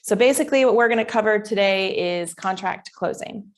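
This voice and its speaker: A woman's voice: medium pitch, fairly quick. A middle-aged woman teaching a live class in a chatty, informal way that rambles off track. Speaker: real estate instructor. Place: classroom with online attendees.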